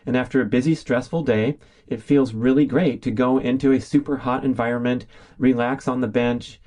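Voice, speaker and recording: A man's voice: medium pitch, mellow. A middle-aged man from California hosting a solo podcast in an upbeat, chatty, enthusiastic way. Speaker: podcast host. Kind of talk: casual solo podcast monologue.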